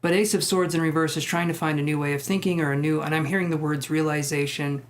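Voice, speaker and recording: A man's voice: fairly high pitch, little pitch movement, fast. Chatty man giving a live tarot reading. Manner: chatty and self-deprecating, with joking asides. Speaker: tarot reader.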